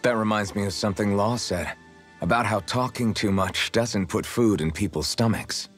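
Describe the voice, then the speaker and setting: A man's voice: fairly low pitch, moderate pace, faint music behind, natural voice. An actor playing an earnest young male swordsman who proudly shows off his cooking, in a video game. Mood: warm. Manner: eager, proud, lively.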